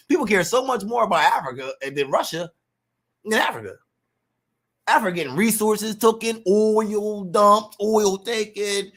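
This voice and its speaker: High-pitched and slightly rough, a man delivers a casual monologue rant. He's animated, swears in street slang, and acts out quotes.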